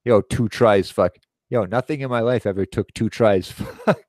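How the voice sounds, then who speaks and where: A man's voice: on the low side, normal speed, dry recording, clean studio sound. A man in his thirties hosting a live stream, telling long profane anecdotes in a rambling casual way and acting out the other people in them. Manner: profane, animated storytelling with quoted voices.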